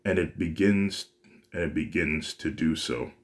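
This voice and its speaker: A man's voice: very deep voice, measured pace. A man casually narrating a fan-made story, often stopping to restart and correct himself. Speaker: story reader.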